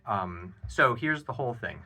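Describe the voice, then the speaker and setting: A man giving a casual drum lesson, counting beats aloud and explaining an exercise in a relaxed, encouraging way with plenty of ums and uhs. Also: medium pitch, moderate pace, gravelly. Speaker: drum teacher. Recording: loud drum playing behind the voice. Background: drum kit playing.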